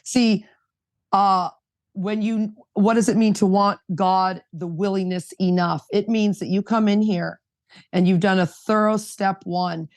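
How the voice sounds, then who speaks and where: A woman's voice: medium pitch, steady tone, measured pace, dry recording. A woman on a recovery podcast panel speaking emphatically and directly, with a preachy edge.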